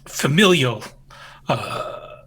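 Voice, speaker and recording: A man's voice: mid-range voice, big pitch swings, drawn-out words, fairly bright tone, slight background noise, full character voice, poor audio. A man voicing an idealistic male activist who talks hesitantly, with many fillers, in a tabletop game. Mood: earnest.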